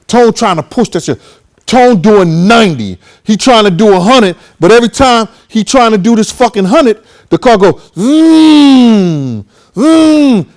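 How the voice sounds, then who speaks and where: High, animated male storyteller. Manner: animated, profane, acts out the voices of people in the story. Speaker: host. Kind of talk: casual storytelling.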